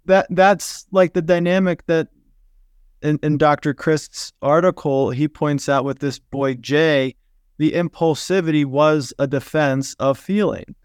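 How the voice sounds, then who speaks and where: A man hosting a podcast as a physician, explaining his points in a measured way. His voice is smooth and resonant. The recording is dry and close. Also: on the high side, steady tone, no room sound. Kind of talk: podcast conversation.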